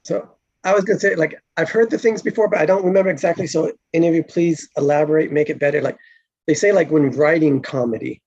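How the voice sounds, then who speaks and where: A man's voice: fairly high pitch, quick pace, darkish tone, no room sound. A man chatting casually on a video call, rambling with many fillers. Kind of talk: casual online group chat. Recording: dull dry lo-fi call audio.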